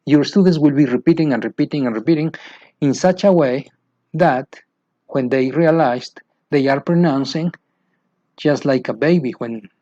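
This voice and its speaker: A man's voice: mid-range voice, mellow, no room sound. Mexican-accented man teaching, lo-fi. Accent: Mexican Spanish. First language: Spanish. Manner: repeats words for emphasis, asks rhetorical questions. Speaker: English teacher trainer. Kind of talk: explanatory teaching talk. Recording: dull lo-fi dry recording.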